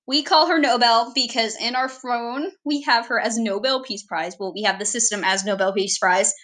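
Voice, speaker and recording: Giggly young woman with a bright voice. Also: fairly high pitch. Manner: rambling, giggly, self-deprecating. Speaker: vlogger introducing herself. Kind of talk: casual self-introduction.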